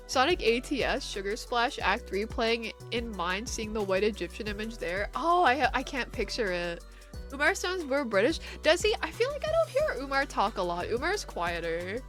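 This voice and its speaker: Young female streamer, chatty and animated, high with wide swings in pitch. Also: normal speed, soft background music. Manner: animated and rambling, with frequent laughter. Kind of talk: casual chat with viewers.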